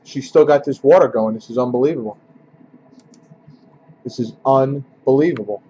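A man's voice: medium pitch, normal speed, mellow, dull audio, a little hiss or hum. A man hosting a casual card-opening break, grumbling and joking with his viewers.

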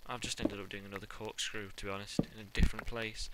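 A young man giving jokey commentary over his own game play, breaking into panicked yelling when things go wrong. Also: on the low side, level tone, quick pace, hardly any pauses. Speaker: let's play gamer. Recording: loud background noise.

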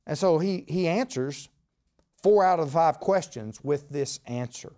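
Animated preacher with a lively voice. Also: male voice, a little high, slow pace, pauses often. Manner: animated, dramatic storytelling with quoted voices. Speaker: pastor. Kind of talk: sermon.

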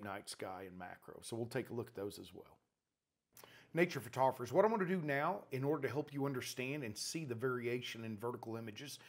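A man, a nature photographer from West Texas, teaching by walking through his own photos in a blunt, folksy, opinionated way. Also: mid-range voice. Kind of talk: casual talk to camera, walking through his images.

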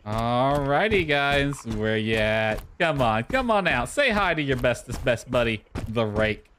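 A man streams a game live, chattering to himself, calling out playfully and sometimes singing in a mock-sad voice. His medium pitch swings widely at a measured pace, the tone is fairly bright, and there's slight background noise.

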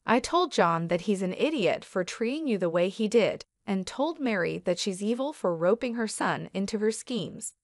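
Calm, firm woman narrating a story. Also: medium pitch, moderate pace, few pauses, no room sound, studio quality. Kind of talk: scripted first-person story narration.

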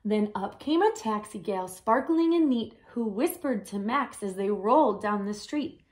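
A woman reading a picture book aloud to children in a gentle voice, stopping to add her own comments. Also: mid-range voice, expressive, moderate pace, few pauses. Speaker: storyteller.

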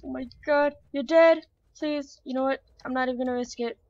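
A young woman commenting on her own gameplay, excitable and chatty, shrieking when startled. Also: sits high, quick pace, no echo, highs cut off. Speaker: gamer. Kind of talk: let's play commentary.

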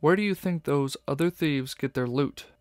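A man's voice: a little high, moderate pace, no echo, clean studio sound, lightly acted. A man doing a fierce fox police inspector. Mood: angry. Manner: stern, snapping retorts.

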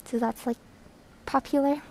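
High-voiced woman streaming from an airport. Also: moderate pace, poor audio. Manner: chatty, reads chat aloud, greets viewers excitedly. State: breathing heavily through a thick mask. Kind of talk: casual live stream chat. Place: airport terminal, indoors. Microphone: phone held by hand.

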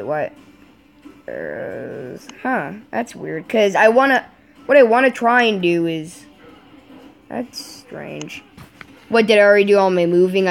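A woman giving casual let's-play commentary, thinking aloud in a rambling way, with fillers and sudden exclamations. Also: medium pitch. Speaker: gamer playing a strategy game.

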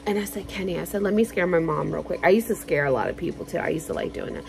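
A woman vlogger telling stories in a casual, animated way, swearing freely and acting out quotes loudly. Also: on the low side, fast, creaky, a little hiss or hum. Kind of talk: casual storytelling.

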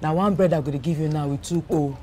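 An actor playing a man trading argumentative street banter in Nigerian Pidgin. His tone is mellow and dark, with faint noise behind him. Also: fairly high pitch, quick pace, lightly acted. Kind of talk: film drama acting.

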